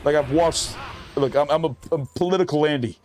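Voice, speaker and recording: A man's voice: a little high, brisk, a little mellow, a little hiss or hum. A man streaming a game, chatting casually and profanely while reading his chat aloud.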